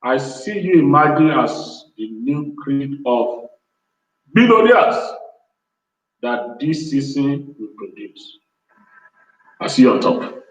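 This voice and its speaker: A man's voice: mid-range voice, big pitch swings, takes it slowly, pauses often. Man exhorting, roomy and distant. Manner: exhorting, repetitive, pleading. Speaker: host of a business show. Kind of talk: motivational talk to viewers. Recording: distant, roomy, dull sound.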